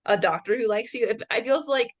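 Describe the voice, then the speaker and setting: A woman's voice: on the high side, brisk, highs cut off. Chatty woman co-host. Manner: conversational, many fillers, sympathetic asides. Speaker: guest co-host. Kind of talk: casual interview chat.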